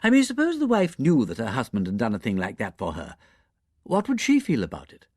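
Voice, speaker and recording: A man's voice: mid-range voice, huge pitch swings, brisk, a little mellow, no room sound, clean studio sound. A man voicing a timid, earnest young woman don who talks hesitantly, with a stammer.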